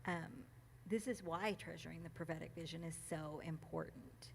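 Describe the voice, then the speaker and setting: Speaking low with a gravelly voice, a woman reads and reflects on a passage at a church gathering, often emotional and laughing, with plenty of ums and restarts. A little hiss or hum sits under the audio from the church meeting room.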